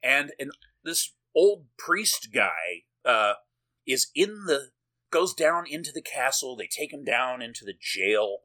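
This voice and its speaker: A man's voice: mid-range voice, sing-song, slow pace, pushed and bright. A man co-hosting a podcast, recapping a film in a rambling, jokey way, swearing and laughing often. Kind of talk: casual movie-recap chat.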